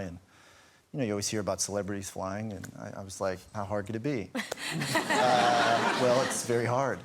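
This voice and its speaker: A man, an actor guest on a talk show, telling a story with lots of fillers and laughing at himself, in a TV studio with an audience. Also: fairly low pitch. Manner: rambling, many fillers, self-mocking laughter. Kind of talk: anecdote telling on chat show. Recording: loud studio audience noise.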